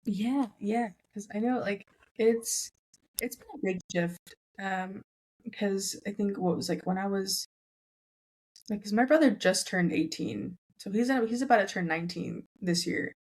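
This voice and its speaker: A woman's voice: medium pitch, measured pace, a little mellow, breathy edge. Young woman, Southern California, casual podcast guest, chatty and filler-heavy. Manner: chatty, heavy use of "like", acts out family members' lines. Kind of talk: casual chat.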